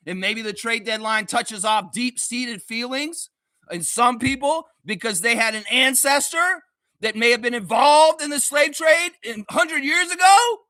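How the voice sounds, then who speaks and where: High-pitched ranting sports fan host. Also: male voice, unhurried, bright, forceful tone, no echo, clean studio sound. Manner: heated, sarcastic, swearing, then laughing and loose. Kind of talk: profane ranting fan commentary.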